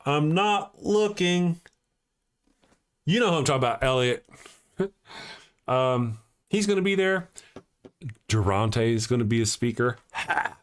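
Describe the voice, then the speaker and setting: A man hosting a casual live morning show, reading out his chat and rambling between loud mocking rants and quiet, heartfelt thanks. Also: medium pitch, expressive, moderate pace, pauses often.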